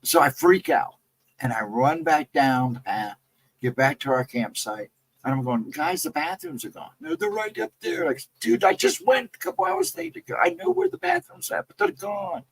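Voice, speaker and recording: A man casually telling a personal encounter story, rambling and jumping sharply higher in pitch when he quotes himself. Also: big pitch swings, normal speed, creaky, rough recording. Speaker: guest storyteller.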